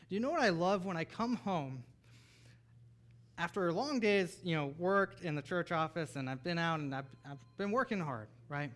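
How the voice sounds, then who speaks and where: Thirtyish pastor guy preaching, kinda high voice, goes soft then gets loud and fired up. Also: moderate pace. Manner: animated, rises to near-shouting bursts and drops to soft asides. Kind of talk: sermon.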